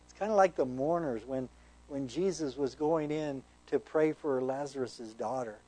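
Earnest man preaching, mellow voice. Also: medium pitch, moderate pace, no room sound, poor audio. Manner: conversational and earnest, reads scripture aloud with emphasis. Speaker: pastor. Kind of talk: verse-by-verse Bible teaching sermon.

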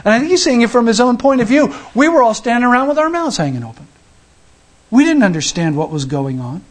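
Guy with a pretty high voice preaching, chatty storytelling sermon, lots of restarts. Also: big pitch swings, fast. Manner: conversational, acts out the people in the story; frequent restarts and fillers. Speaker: pastor.

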